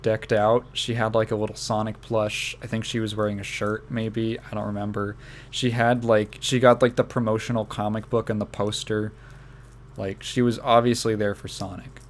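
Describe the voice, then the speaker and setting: A man's voice: lowish voice, a little hiss or hum. A young man hosting a podcast, telling a story casually with restarts and fillers. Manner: rambling with many restarts and laughs. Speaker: podcast host.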